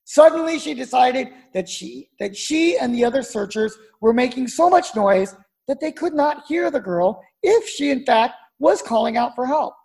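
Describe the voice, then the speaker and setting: A woman pastor preaching a sermon, telling stories at a measured pace and dropping low and soft to make a point. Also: expressive, creaky.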